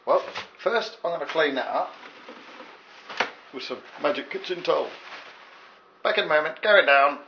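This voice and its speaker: Animated and fairly high-pitched, this Englishman talks at normal speed but leaves long pauses as he gives a jokey, casual cooking demo at home. He wanders into asides aimed at the viewer. The recording is lo-fi, echoey, and dull, with faint hiss.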